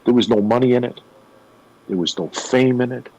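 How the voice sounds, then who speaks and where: A man, a guest on a radio show, retelling a story in an animated way with emphatic pauses. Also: mid-range voice, poor audio. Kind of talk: conversational storytelling.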